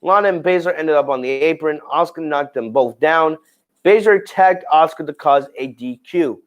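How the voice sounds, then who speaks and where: A man's voice: fairly high pitch, moderate pace, muffled recording. A man hosting a podcast, giving a casual ranting review, exasperated and repetitive with lots of fillers and restarts. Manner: exasperated, repeats phrases, many fillers and restarts. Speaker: podcast host reviewing wrestling.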